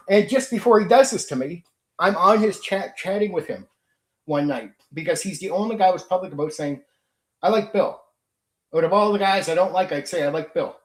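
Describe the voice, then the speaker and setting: In an echoey room, a high-voiced middle-aged man hosts his channel's casual live chat. It's a ranting stream, and he lets off steam bluntly with plenty of swearing.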